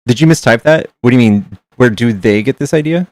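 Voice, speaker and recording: A male streamer talks loosely with his chat, reading passages aloud and reacting with frequent swearing. His voice sits at an ordinary middle pitch. The close mic sounds dry, with no room around it. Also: brisk, a little mellow, no echo. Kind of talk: casual livestream chat.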